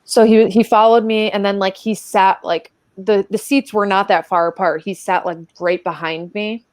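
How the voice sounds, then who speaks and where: A woman's voice: mid-range voice, steady tone, moderate pace, no echo. A woman as a podcast guest, telling stories in a chatty, casual way full of filler words. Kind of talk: casual storytelling chat.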